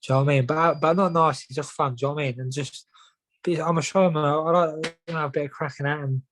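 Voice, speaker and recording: Young man, quick-fire podcast guest, peppers every line with "mate". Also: on the high side, fairly even intonation, fairly bright tone, a little hiss or hum, low-quality recording. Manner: rapid, says "mate" and "do you know what I mean" constantly. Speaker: professional boxer guest. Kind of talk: casual podcast chat.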